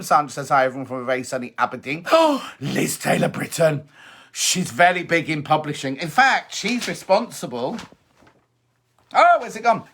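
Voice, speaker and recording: A man's voice: on the high side, pushed and bright. A middle-aged man hosting a casual live stream, chatty and teasing as he reads out viewers' messages. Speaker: host.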